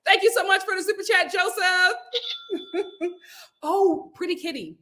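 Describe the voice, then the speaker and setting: Bright-voiced chatty woman streamer. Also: very high-pitched, unhurried. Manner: chatty storyteller, reads viewer comments aloud. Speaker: YouTube host. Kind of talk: casual live-stream chat.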